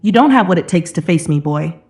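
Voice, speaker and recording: A woman voicing a cold, mocking, controlling husband who speaks low and menacingly. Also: animated, brisk, darkish tone, faint music behind, lightly acted.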